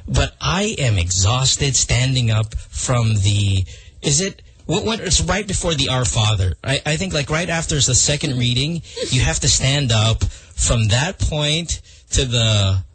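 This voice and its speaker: A man's voice: medium pitch, expressive, a little slow, fairly bright tone, husky. A man hosting a radio show, chatting casually and jokingly, rambling with many restarts. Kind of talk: casual comedic chat.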